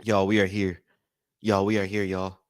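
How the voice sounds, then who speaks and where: A man hosting a live watch-along stream, calling plays, thanking donors, and repeating himself with excitement. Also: sits low, moderate pace, no echo. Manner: excitable, repeats phrases, says y'all a lot. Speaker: livestream watch-along host. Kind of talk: live game commentary and chat.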